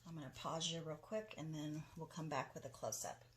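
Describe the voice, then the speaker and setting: Woman host, casual tutorial, enthusiastic, slightly low pitch, home studio with faint noise. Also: steady tone, fairly quick. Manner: chatty, enthusiastic, talks while working. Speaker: craft video host.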